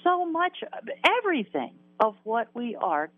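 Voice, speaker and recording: A woman's voice: on the high side, very animated, a little slow, no echo. A woman in her sixties, a guest in an interview, recounting a personal near-death story earnestly and emotionally, repeating words and laughing at herself. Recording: tinny phone-line sound.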